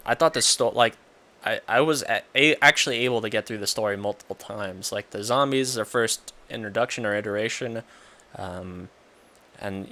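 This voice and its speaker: Rambling low-voiced man chatting games. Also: pushed and bright. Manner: rambling, frequent fillers and restarts. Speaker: podcast co-host. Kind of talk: casual gaming chat.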